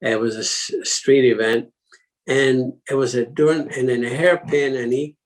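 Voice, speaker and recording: An elderly man tells long, meandering stories as an interview guest. He laughs softly between phrases and restarts his sentences often, in a voice of ordinary middle pitch. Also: fairly even intonation, normal speed, rough recording. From Italy. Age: 80s. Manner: chuckling, rambling with many restarts. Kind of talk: casual anecdotal storytelling.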